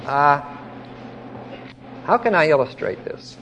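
A man's voice: on the high side, expressive, takes it slowly, fairly bright tone, dull audio, a little hiss or hum. A man teaching a Bible passage verse by verse, explaining it patiently, checking in with his listeners and stressing key words emphatically.

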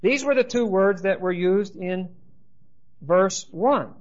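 A man teaching a Bible class, explaining slowly and checking in with his listeners with "right?" and "okay?". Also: high-pitched. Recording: dull lo-fi lecture recording.

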